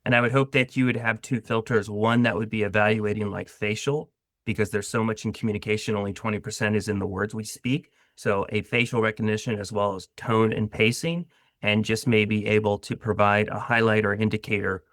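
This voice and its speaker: A man's voice: lowish voice, flat delivery, fairly quick, fairly bright tone, dry recording, clean studio sound. A man hosting an interview, enthusiastically putting forward ideas and asking his guest questions. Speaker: podcast host. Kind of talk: conversational interview.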